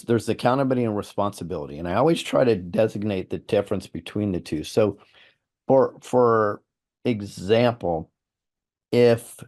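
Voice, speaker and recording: Hosting an interview, a man explains his views earnestly, using examples and often repeating words. His voice is fairly low and warm.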